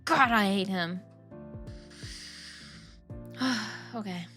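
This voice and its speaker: A woman's voice: mid-range voice, extremely slow, bright, forceful tone. A young woman streaming a game and chatting casually, ranting with slang and laughter. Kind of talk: casual chat while gaming. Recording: faint music behind.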